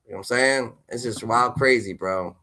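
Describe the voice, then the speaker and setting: A man streaming casual reaction commentary on rap news, slangy and excitable, repeating a catchphrase tag. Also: mid-range voice, moderate pace, vocal fry, a little hiss or hum. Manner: loud, excitable and laughing.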